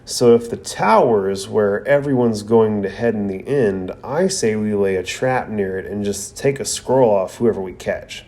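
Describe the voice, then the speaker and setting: A man voicing a confident young male ninja from a cartoon in a calm, matter-of-fact read. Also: lowish voice, moderate pace, few pauses, natural voice. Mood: smug.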